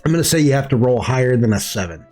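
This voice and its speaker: A husky man narrating a tabletop game as game master, unhurried and playful. His pitch rises and falls a lot, with faint music behind him. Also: sing-song, a little mellow. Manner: laughs often, playful narration.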